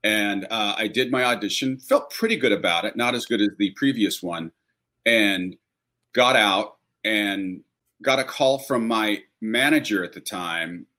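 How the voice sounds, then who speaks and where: A man's voice: lowish voice, bright, forceful tone. Man telling a wry audition story. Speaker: actor guest on a panel. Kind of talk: casual anecdote.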